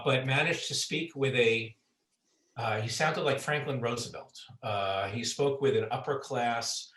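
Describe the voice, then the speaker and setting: Chatty author, roomy far-off sound. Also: male voice, medium pitch, a bit bright. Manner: chatty, many fillers and restarts. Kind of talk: conversational book talk.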